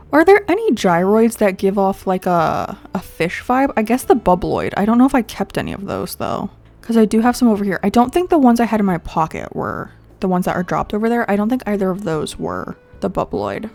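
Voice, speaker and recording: A woman's voice: medium pitch, expressive, fairly quick, creaky, a little mellow, faint music behind. A young woman casually talking through her game as she plays, thinking aloud with lots of likes and little laughs. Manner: chatty, thinking aloud, frequent likes and giggles. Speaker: gaming YouTuber. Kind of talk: casual gameplay commentary.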